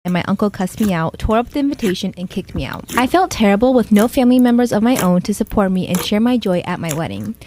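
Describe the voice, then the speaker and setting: Fast-reading woman narrating forum posts. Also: mid-range voice, slight background noise. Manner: quick, steady read-aloud delivery.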